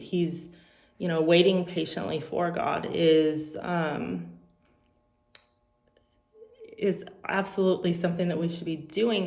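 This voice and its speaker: Low-voiced woman in echoey church room. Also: darkish tone. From California. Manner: earnest, halting, with frequent ums. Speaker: teacher giving a church devotional. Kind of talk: personal devotional talk.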